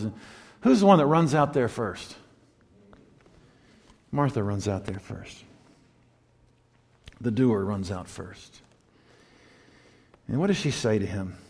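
A man preaching a sermon, telling a story and moving between loud emphatic points and hushed quiet passages. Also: mid-range voice, breathy edge. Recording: long reverb of a large hall.

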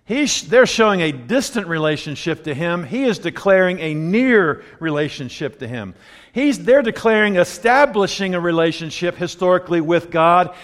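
A man preaching a sermon in a conversational way, asking rhetorical questions and swinging between loud and hushed delivery. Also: sits high, animated, normal speed, long reverb tail. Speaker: pastor.

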